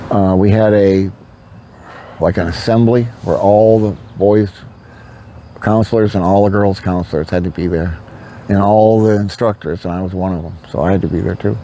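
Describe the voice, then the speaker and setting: An older man tells a personal story straight to camera in a loose, candid ramble, full of "you know" and "like." His voice sits low and sounds mellow. A faint hiss runs underneath the recording. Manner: rambling and candid, with frequent fillers. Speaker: vlogger.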